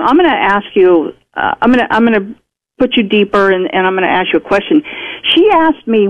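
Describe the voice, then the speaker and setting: A radio guest in conversation who tells a personal story in a chatty way and acts out the speech of others. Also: medium pitch. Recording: muffled radio broadcast audio.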